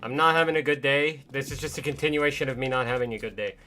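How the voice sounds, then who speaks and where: A man streaming a video game, commenting live in frustrated, exasperated rants with sudden loud outbursts. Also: mid-range voice, fairly even intonation, fast talker.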